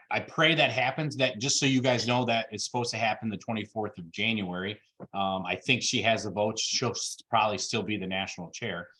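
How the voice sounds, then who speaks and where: A man pitches his plans over a video call, his voice sitting in a middle pitch. He talks emphatically and heats up as he goes, with plenty of ums and uhs along the way. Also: fairly bright tone. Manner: emphatic, gets worked up, many fillers. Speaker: party officer candidate presenting plans.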